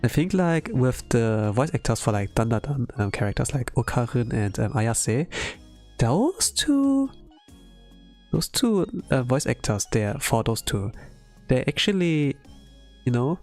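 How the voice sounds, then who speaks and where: A man's voice: mid-range voice, animated, moderate pace, darkish tone, faint music behind. A man streaming himself drawing, chatting casually and rambling with lots of "like" and "um" fillers. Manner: rambling, heavy use of "like" and "um". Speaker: art streamer. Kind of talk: casual chat while drawing on a livestream.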